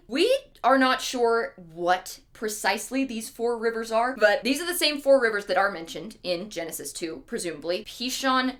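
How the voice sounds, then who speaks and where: A woman's voice: a little high, lively intonation, moderate pace. A young woman streamer retelling a legend comically, in a chatty, sarcastic way with asides. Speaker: streamer and storyteller.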